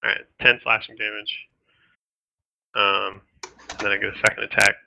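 A man's voice: lowish voice, level tone, moderate pace, creaky, bright, forceful tone, a little hiss or hum. A man playing a fighter in a tabletop game, easygoing and upbeat. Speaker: player, an axe fighter. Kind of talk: casual tabletop play. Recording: dull lo-fi mic.

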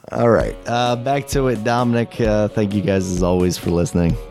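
A man's voice: lowish voice, steady tone, moderate pace, darkish tone, faint music behind. A man hosting a podcast in casual chat, laid-back and chuckling often. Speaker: podcast host.

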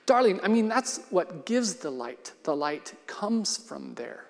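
A man reading as an anxious, soothing wife who placates and evades. The voice is soft and fairly high, and a long hall reverb trails each phrase. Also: sing-song, slow pace, gravelly, heavily acted. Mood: placating.

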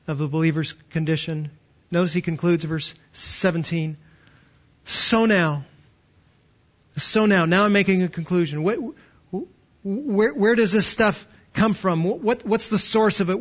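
A man's voice: sits high, fairly bright tone. A middle-aged man preaching a sermon in church, emphatic and repeating words as he presses his points. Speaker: pastor. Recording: dull lo-fi sermon recording.

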